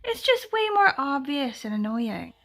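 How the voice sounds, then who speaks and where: Woman book vlogger, high-ish gravelly voice, rambling casual chat at home. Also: big pitch swings, a little slow, a bit bright. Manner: chatty, rambling, full of "like" and "blah, blah, blah". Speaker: book vlogger, readathon co-host.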